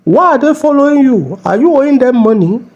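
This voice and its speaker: A man's voice: very high-pitched, lively intonation, fairly quick, a little mellow, muffled recording, heavily acted. A man with a Nigerian accent playing a bossy, mocking middle-aged police officer in a comedy skit. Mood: scolding. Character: bullying middle-aged male traffic cop.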